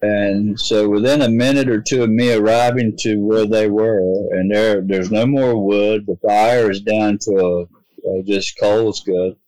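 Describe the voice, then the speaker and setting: A man's voice: fairly low pitch, fairly even intonation, a little slow, a little mellow, dry recording, rough recording. A man, earnestly telling a long personal story in a rambling way, often restarting his sentences. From North Carolina, US. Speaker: guest telling his own experience. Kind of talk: casual storytelling.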